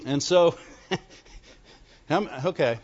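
A pastor preaches a folksy sermon in church, his voice on the high side, slightly mellow, and unhurried. He calls out to the congregation for amens as he goes, captured on a dull lo-fi recording with long reverb.

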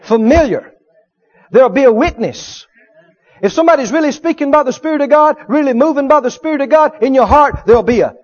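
A man preaching a sermon, animated, acting out little dialogues and swinging from loud to hushed. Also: extremely high pitch, fairly quick. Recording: dull lo-fi sermon recording.

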